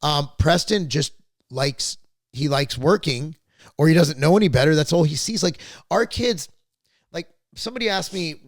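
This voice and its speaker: The man speaks at a moderate pace in a higher-pitched voice, with no room sound. He's a middle-aged podcast host rambling through family anecdotes in a relaxed, cursing, conversational style.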